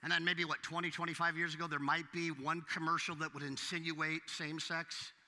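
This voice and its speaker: A man preaching a sermon as pastor, swinging from hushed asides to loud exclamations. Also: a little high, little pitch movement, fairly quick, in a large hall.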